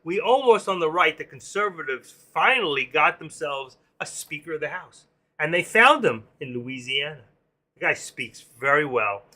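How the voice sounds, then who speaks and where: A man's voice: on the high side, expressive, normal speed, bright, forceful tone. A man hosting a casual live stream, rambling and joking as he talks to his viewers by name. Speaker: live stream host and room moderator.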